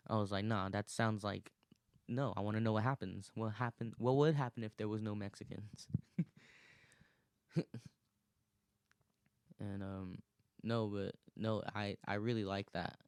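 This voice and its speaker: A man's voice: lowish voice, fairly even intonation, measured pace, long pauses, clear, resonant tone, dry recording, clean studio sound. A man in his twenties hosting a podcast alone, rambling casually, swearing a lot and laughing often. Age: 20s. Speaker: podcast host. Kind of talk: casual solo monologue.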